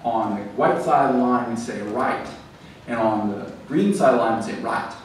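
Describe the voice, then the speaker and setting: Man lecturing, conversational and lively, very echoey room, mic far away, faint hum behind. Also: mid-range voice, fairly quick. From American South. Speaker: author giving a library talk. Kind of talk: public lecture with audience questions. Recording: roomy echo, distant mic, faint background noise.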